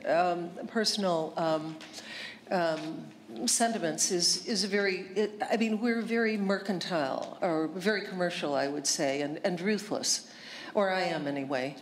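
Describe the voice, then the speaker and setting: A woman's voice: fairly low pitch, unhurried. A woman novelist on a panel, telling stories in a wry, self-mocking way. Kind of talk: casual panel talk. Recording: echoey hall, audience noise.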